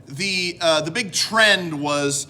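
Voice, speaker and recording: Bright-toned Canadian man rambling jokily. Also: on the high side, slow. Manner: rambling, self-mocking, jokey. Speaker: host. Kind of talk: casual vlog chat.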